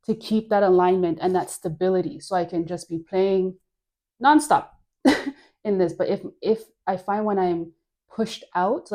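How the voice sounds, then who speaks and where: A woman's voice: on the low side, dark tone. A woman leading a guided dance class, chatty and encouraging, laughing often and filling her talk with "like". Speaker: dance instructor.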